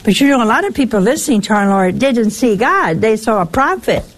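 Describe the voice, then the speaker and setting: A woman giving a conversational sermon in a folksy way, asking her listeners rhetorical questions and jumping up in pitch for emphasis. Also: big pitch swings, a little fast. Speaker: preacher.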